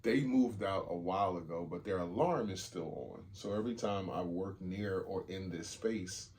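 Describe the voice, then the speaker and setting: A low-pitched man, chatting casually as a podcast co-host. He tells his stories with animated energy and curses freely. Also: normal speed. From Jamaica. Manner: animated storyteller, swears freely. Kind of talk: casual chat.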